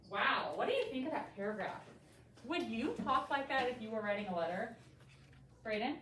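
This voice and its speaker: Captured from far across an echoey classroom, this young woman's slightly high voice carries at a normal pace as she runs a third grade reading lesson. She questions her pupils in a lively, encouraging manner. Slight background noise and faint classroom ambience sit underneath.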